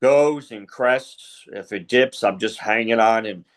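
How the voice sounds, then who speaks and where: A man's voice: fairly low pitch, measured pace. A middle-aged man, a wrestling referee, telling stories in a casual interview, rambling with many fillers and retold conversations. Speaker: wrestling referee, podcast guest.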